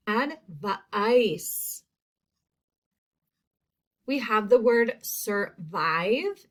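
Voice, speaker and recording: A woman teacher giving a recorded spelling lesson to young students, saying each word slowly and clearly. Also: fairly high pitch, a bit bright. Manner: slow, clear word-by-word enunciation.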